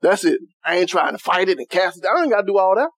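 A man preaching a sermon as pastor, who keeps asking the congregation if they are with him and softens his voice to act out quoted prayers. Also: sits high, lively intonation, fast. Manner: call-and-response preaching, asks "are you with me?".

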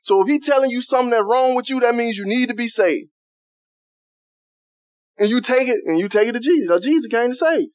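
A man preaching a sermon as pastor, who keeps asking the congregation if they are with him and softens his voice to act out quoted prayers. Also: very high-pitched, animated, fairly quick, pauses often, dry recording. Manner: call-and-response preaching, asks "are you with me?".

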